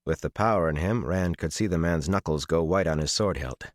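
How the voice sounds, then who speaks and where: A male audiobook narrator reading a fantasy novel with measured, dramatic storytelling. His voice is very deep, and the recording is dry and close with no room sound. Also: dry recording.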